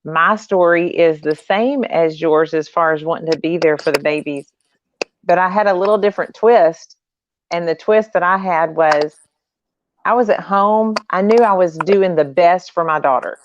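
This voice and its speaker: A woman host with a lowish voice chats in a warm, effusive way. She shares her own story as a mother. The sound is muffled and lo-fi. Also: normal speed, a little hiss or hum. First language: English. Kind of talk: casual chat. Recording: dull lo-fi sound.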